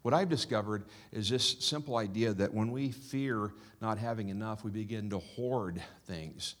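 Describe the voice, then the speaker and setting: Rambling low-voiced man giving church announcements. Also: fairly bright tone. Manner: rambling, halting, many fillers. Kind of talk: casual church announcements and prayer.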